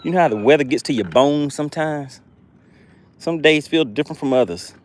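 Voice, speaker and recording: A man's voice: fairly high pitch, brisk. A man hosting a fishing live stream from a boat outdoors, chatting and thanking his viewers.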